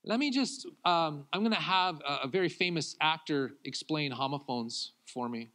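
A man, a pastor, preaching a sermon who swings between loud acted-out pleas and quiet confiding talk, laughing often. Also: fairly high pitch, lively intonation, moderate pace.

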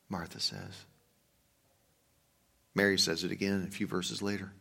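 A male pastor preaching a sermon, moving between hushed, slow reflection and loud, emphatic urging. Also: low-pitched, little pitch movement, vocal fry. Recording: long reverb of a large hall.

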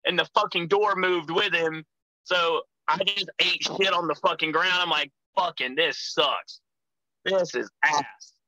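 A wrestler tells his stories, swearing freely and turning loud when he acts out his own past shouting. His voice is bright, tense and a little high for a man. The sound is dry and close. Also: no room sound, poor audio. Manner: profane, animated storyteller, acts out shouting in quotes. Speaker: professional wrestler guest. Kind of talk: casual storytelling chat.

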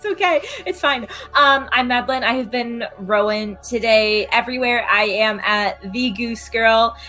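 A woman's voice: fairly high pitch, moderate pace, pushed and bright, rough recording. A woman player and performer chatting casually about her upcoming projects, giggly and upbeat. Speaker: actor and tabletop player. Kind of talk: casual chat.

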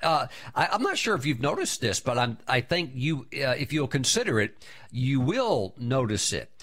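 A man preaching a sermon as a pastor, emphatic, rising loudly when he voices commands and prayers. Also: mid-range voice, sing-song, moderate pace.

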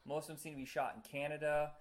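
A man in relaxed conversation on a podcast. He rambles with plenty of fillers and laughs readily. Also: a little high, fast talker. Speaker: podcast co-host. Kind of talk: casual chat.

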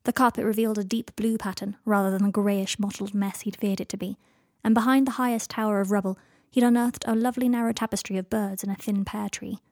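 A woman reading a fan fiction story aloud as narrator, in steady, even storytelling. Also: medium pitch, fast, hardly any pauses, dry recording, studio quality. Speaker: audiobook narrator.

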